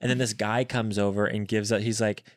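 A young adult man co-hosting a podcast, telling a personal story in casual chat and bursting into high-pitched voices when he quotes people. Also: fairly quick, no echo, clean studio sound. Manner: animated retelling with high-pitched acted quotes. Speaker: podcast co-host.

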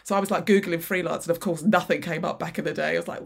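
A woman's voice: on the low side, little pitch movement, quick pace, vocal fry, hardly any pauses, darkish tone, a little hiss or hum. A woman in her forties, a chatty interview guest who laughs often and restarts her sentences. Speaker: guest, freelance graphic designer. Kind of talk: casual interview chat.

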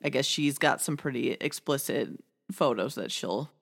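A woman's voice: very deep voice, expressive, normal speed, creaky. A woman with a Midwestern American accent, co-hosting a podcast in frank, laid-back, rambling casual chat. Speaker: podcast co-host.

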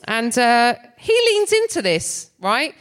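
A woman in middle age doing stand-up on a big theatre stage. Her delivery is sardonic and lively, and she laughs between lines as she tells her story into a stage microphone. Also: on the high side, takes it slowly. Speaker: comedian.

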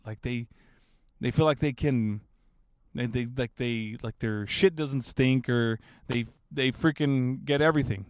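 A man's voice: medium pitch, darkish tone, dry recording, studio quality. A man in his thirties telling a story in a casual, rambling way, swearing freely and laughing at his own jokes. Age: 30s. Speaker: basketball fan telling a story.

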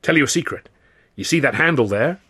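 A man voicing a brash, fast-talking film studio boss who boasts loudly in a salesman's patter, in an audiobook. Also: medium pitch, expressive, husky. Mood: chummy. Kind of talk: audiobook character voice.

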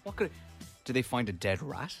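A man hosting a radio show, chatting playfully and telling stories with lively energy. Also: mid-range voice, a little fast, vocal fry, soft background music. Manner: playful, animated storytelling. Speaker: radio host. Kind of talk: casual radio chat.

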